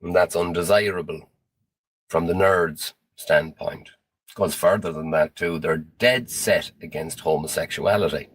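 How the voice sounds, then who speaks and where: A man giving a grave, deliberate monologue on conspiracy theories, in a lecturing manner. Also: low-pitched, fairly bright tone, husky, no room sound.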